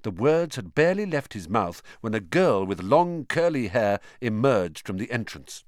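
A man narrating an audiobook in an expressive, animated reading. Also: medium pitch, normal speed, no echo, clean studio sound. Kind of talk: scripted narration.

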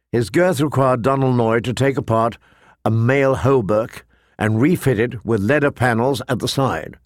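A man narrating a fantasy novel in a measured, steady storytelling voice. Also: medium pitch, no echo, clean studio sound. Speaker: audiobook narrator.

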